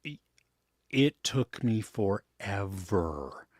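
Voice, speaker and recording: Lively man hosting a casual podcast. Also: on the low side, very slow, no echo, studio quality. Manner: upbeat, greets listeners, laughs often. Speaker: podcast host. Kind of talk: casual chat.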